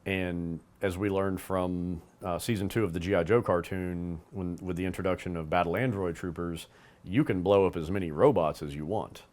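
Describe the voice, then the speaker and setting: A man's voice: low-pitched, fairly even intonation, normal speed, a little mellow. A man co-hosting, talking casually about a cartoon and its toys, rambling with fillers and restarts. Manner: rambling, with fillers and restarts, acts out bits of dialogue.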